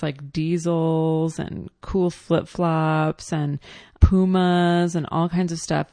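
Woman, 30s, lower register, chatty storyteller with ums, dry close sound. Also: darkish tone, no room sound. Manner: chatty and reflective, with filler ums and quoted asides. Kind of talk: casual first-person storytelling.

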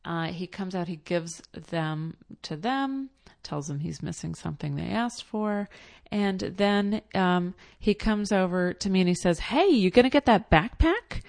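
A woman's voice: fairly low pitch, measured pace, gravelly, darkish tone, dry recording. A woman telling a casual personal anecdote in a chatty way, full of fillers and blunt asides.

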